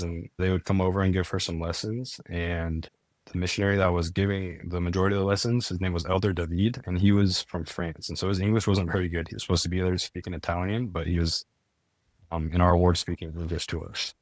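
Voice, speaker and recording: Low-voiced young man telling his story. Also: no room sound. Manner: earnest, many "like" fillers and restarts. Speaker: podcast guest. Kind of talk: casual storytelling.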